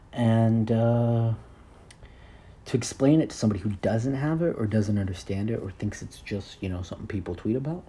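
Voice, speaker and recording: A man's voice: lowish voice, mellow. A man in his early twenties hosting a solo podcast, rambling in a crude, self-deprecating way. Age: 20s. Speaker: podcast host.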